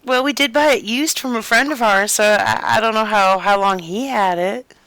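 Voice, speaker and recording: A woman's voice: fairly high pitch, normal speed, fairly bright tone, no echo, poor audio. A woman improvising a flustered, gushing role as a prank on a phone scammer, fussy and soothing by turns. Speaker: scambaiter playing a flustered caller.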